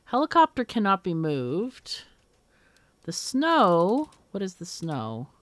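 A woman hosting a let's play, talking slowly, with a voice that swings widely as she works through a puzzle game. She mutters and exclaims as she thinks aloud, and the voice is close and dry. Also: medium pitch, huge pitch swings, no room sound. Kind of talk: thinking aloud while gaming.

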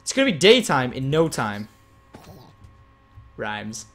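A man giving excitable live gameplay commentary as a game streamer, chatting with and thanking his viewers. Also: mid-range voice, slow, faint music behind.

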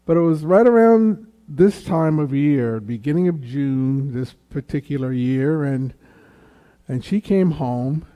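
A man telling a personal faith story before a church gathering, his voice deeply mellow and warm-toned. He takes his time, speaking slowly and letting the story unfold. He lifts his voice when he acts out what others said. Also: lively intonation. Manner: slow, unhurried storytelling that raises the pitch for quoted voices.

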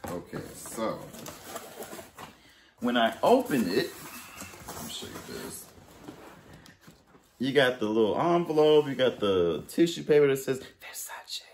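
A man vlogging a casual storytime and unboxing, animated, jumping between loud exclamations and muttered asides. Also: medium pitch, a little slow, long pauses, reverberant, slight background noise. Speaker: fashion haul vlogger.

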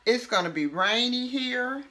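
Southern woman, cooking show host, unhurried pace, bright tone, homey chatty manner. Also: a little high, expressive. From Alabama, US. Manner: homey, chatty, drawn-out words. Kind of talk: casual cooking demonstration.

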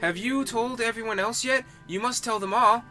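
A man voicing a gentle pregnant village mother who speaks tenderly in an old-fashioned way. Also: very high voice, moderate pace, soft background music, voice pushed up, full character voice.

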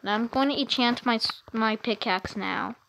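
A woman casually narrating her own video game play, chatty and excitable, rambling with lots of fillers, recorded at home. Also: fairly high pitch, moderate pace, creaky, noisy background. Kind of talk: casual gameplay commentary.

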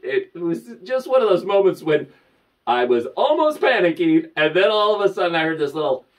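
A man telling lively stories to camera, laughing often and breaking into high squeals. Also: moderate pace, distant mic, poor audio. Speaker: vlogger. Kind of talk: casual storytelling to camera.

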